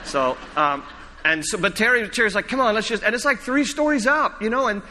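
A man's voice: high voice, big pitch swings, brisk, sharp tone, a little hiss or hum. A male pastor preaching a sermon in a church, conversational and repetitive, mixing humor and personal stories. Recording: reverberant church hall.

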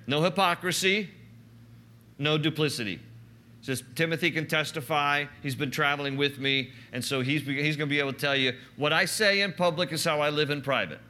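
A man preaching a sermon, teaching through a Bible passage in a conversational, animated way. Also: a little high. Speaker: pastor.

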